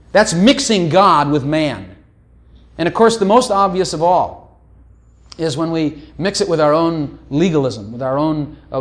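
A middle-aged man preaching a sermon in a conversational, teasing way, often breaking off to ask "hello". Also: fairly high pitch.

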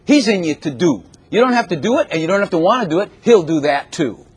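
A man preaching with a husky, somewhat high voice that swoops all over. His delivery is conversational and animated, breaking into sudden exclamations. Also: quick pace. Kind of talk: sermon.

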